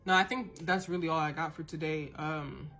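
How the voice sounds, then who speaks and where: A woman's voice: deep voice, fairly even intonation, normal speed, a bit bright. A woman hosting a podcast, ranting in a heated, profane monologue and often repeating and restarting words as she gets worked up. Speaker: podcast host.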